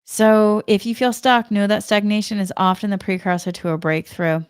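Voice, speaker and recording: A woman's voice: medium pitch, normal speed, clear, resonant tone, no room sound, studio quality. A woman giving a spiritual energy talk in a chatty way, telling a personal story and laughing often. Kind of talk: casual spoken monologue.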